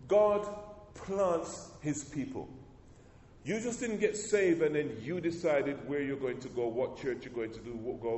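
A man's voice: medium pitch, darkish tone, a little hiss or hum. A man preaching a sermon as pastor, calling out to the congregation and reading scripture with rising emphasis. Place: church. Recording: echoey church hall.

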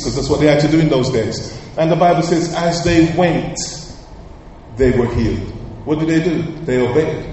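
A male pastor preaching a sermon with emphatic, sometimes loud outbursts. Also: a little high, moderate pace, slight background noise. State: coughing, slightly hoarse. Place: large church hall. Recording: echoey hall, heard from far off.

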